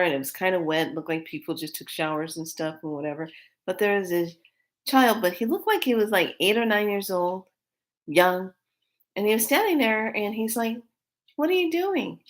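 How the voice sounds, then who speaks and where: Lower-voiced woman telling a story animatedly. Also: normal speed. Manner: animated, laughing, acts out quotes. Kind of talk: casual storytelling.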